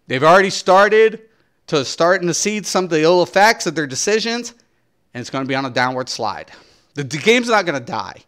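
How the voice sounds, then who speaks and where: A man's voice: fairly high pitch, fairly bright tone. A man streaming and ranting commentary in a blunt, profane, swaggering way. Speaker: game streamer.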